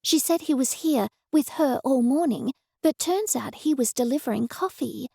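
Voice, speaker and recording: A woman voicing a friend who passes on gossip in a hushed, eager way. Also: sits high, animated, normal speed, gravelly, husky, dry recording, clean studio sound, voice pushed up, full character voice.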